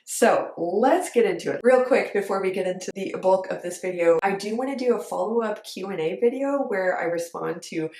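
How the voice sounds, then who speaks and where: Woman dance coach, earnest and emphatic, casual "like"-filled delivery, mid-pitched, roomy echo. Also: moderate pace, hardly any pauses, a little mellow. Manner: earnest, emphatic, conversational with frequent "like". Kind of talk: direct-to-camera coaching talk. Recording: echoey room.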